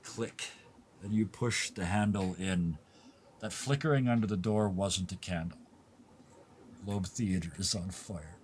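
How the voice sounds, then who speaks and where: A man's voice: low voice, measured pace, pauses often, darkish tone, slight background noise. A man as game master, narrating a tabletop game with vivid, descriptive detail.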